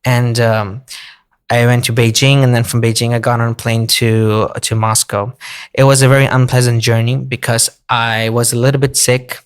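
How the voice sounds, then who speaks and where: A man telling a long travel story in a relaxed podcast chat, with many fillers. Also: mid-range voice, smooth. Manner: flat, unhurried storytelling with fillers. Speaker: podcast guest. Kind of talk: casual storytelling.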